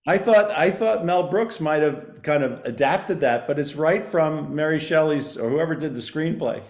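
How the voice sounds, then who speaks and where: Middle-aged male co-host, mid-pitched, quick to laugh, enthusiastic, recorded in an echoey room. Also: lively intonation. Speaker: podcast co-host. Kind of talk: casual chat. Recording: roomy echo.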